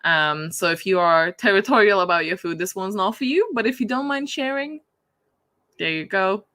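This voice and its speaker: A woman's voice: medium pitch, normal speed, sharp tone. A woman chatting casually on a livestream, giggling often as she talks. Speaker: book streamer.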